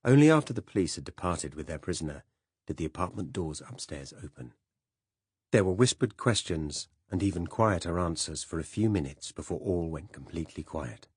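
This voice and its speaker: A man narrating a first-person spy novel as an audiobook in a measured, even way. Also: deep voice, husky, dry recording, clean studio sound.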